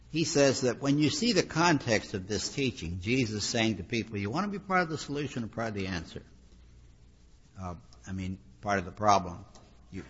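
A man preaches with a lowish, fairly bright, slightly rough voice, conversational yet emphatic and repeating phrases for weight. The recording sounds dull and lo-fi, captured in a reverberant hall.

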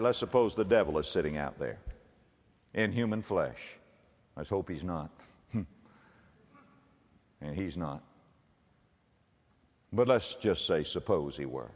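A male pastor preaches with a lively, swooping delivery, climbing high on key words as he reads scripture. His voice rings out with the long reverb of a large church sanctuary. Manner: dramatic preaching, reads scripture aloud with rising emphasis. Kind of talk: sermon.

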